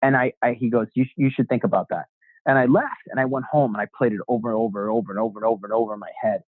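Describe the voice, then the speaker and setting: Low-voiced man telling a story on a tinny line. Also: racing, no room sound. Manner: animated storyteller acting out quoted dialogue; frank, swears casually. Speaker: guest, real estate agent. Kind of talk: casual storytelling interview. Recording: dry, tinny phone-like sound.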